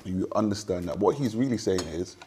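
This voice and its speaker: A man's voice: fairly low pitch, brisk, background noise. A man, a dinner guest, explaining his view in a casual discussion and acting out imagined speech along the way.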